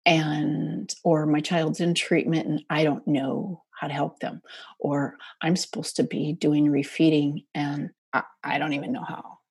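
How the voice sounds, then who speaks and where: A woman's voice: sits low, level tone, a little slow, vocal fry, a little mellow, breathy edge, no echo. A middle-aged woman, a parent coach, answering interview questions earnestly and sometimes sinking to a near whisper. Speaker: parent coach for eating disorder families. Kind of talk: podcast interview.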